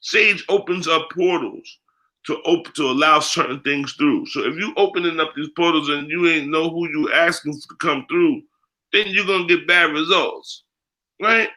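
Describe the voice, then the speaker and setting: Blunt, profane man, bright voice. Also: fairly high pitch, moderate pace. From United States. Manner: blunt, profane, emphatic, street slang. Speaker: guest, spiritual priest. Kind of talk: candid interview talk.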